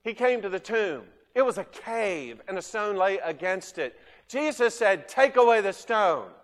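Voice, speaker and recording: High-voiced preacher in a reverberant hall. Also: male voice, measured pace. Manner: animated, questions the listeners, swings from loud to quiet. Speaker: pastor. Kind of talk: sermon.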